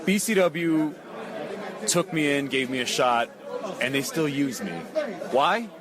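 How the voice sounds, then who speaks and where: A man's voice: fairly high pitch, slow. A man from the Bronx, a wrestler giving an emphatic post-match interview and repeating himself for emphasis. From the Bronx, New York. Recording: noisy crowd in the background.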